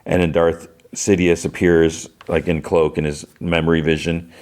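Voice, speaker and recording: A man's voice: deep voice, flat delivery, moderate pace, a little mellow. A man hosting a podcast, retelling a show episode in a rambling way, with lots of "he's like" and fillers. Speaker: podcast host. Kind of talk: casual episode recap.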